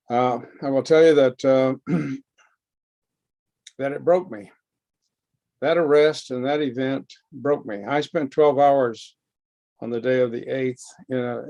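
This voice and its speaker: A man giving a personal recovery testimony at a lecture, speaking slowly and haltingly with heartfelt pauses. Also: medium pitch, darkish tone, dry recording. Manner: slow, halting, heartfelt storytelling. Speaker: guest speaker. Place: lecture hall.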